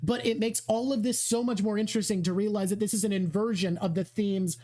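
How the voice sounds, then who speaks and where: A woman hosting a live stream with a stuffy nose, explaining her ideas quickly and enthusiastically. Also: mid-range voice, fairly even intonation, dark tone. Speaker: host. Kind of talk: casual chat on a live stream.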